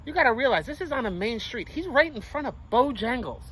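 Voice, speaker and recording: A young man telling a story to his viewers in casual street slang, animated and full of swearing. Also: extremely high pitch, fairly quick, slight background noise, rough recording. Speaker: vlogger.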